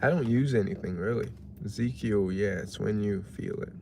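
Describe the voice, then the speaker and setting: Laid-back low-voiced man chatting. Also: normal speed, creaky, dark tone, a little hiss or hum. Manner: laid-back, musing, reads chat messages aloud. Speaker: livestreamer reading chat. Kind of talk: casual livestream chat. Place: parked car while waiting for delivery orders.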